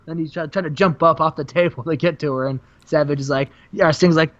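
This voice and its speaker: Man, high voice, lively storytelling, does character voices, muffled lo-fi audio. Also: fairly quick. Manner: acts out characters with big pitch jumps. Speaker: co-host booking a wrestling sim. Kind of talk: animated storytelling with acted quotes.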